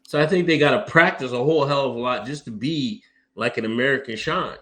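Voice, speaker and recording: A man's voice: medium pitch, fairly quick, fairly bright tone. A man co-hosting a podcast in casual chat, rambling with lots of fillers like "you know" and "man". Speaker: podcast co-host.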